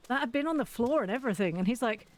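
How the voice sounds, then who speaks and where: A woman's voice: on the high side, expressive, brisk. Laughing woman in her forties telling a story. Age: 40s. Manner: laughing, swearing anecdote teller. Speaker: streamer. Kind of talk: casual storytelling while streaming a game.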